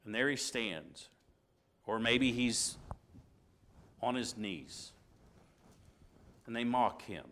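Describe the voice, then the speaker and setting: A man teaching an informal Bible lesson, retelling the scene in a conversational way with restarts and asides, moving between loud passages and hushed ones. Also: medium pitch, lively intonation, slow, pauses often.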